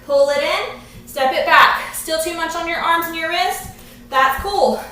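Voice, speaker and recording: Woman fitness coach, out of breath, encouraging, high bright voice, very echoey room, distant camera. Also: a little slow. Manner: encouraging, coaching while exercising. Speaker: fitness instructor. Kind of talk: live workout coaching.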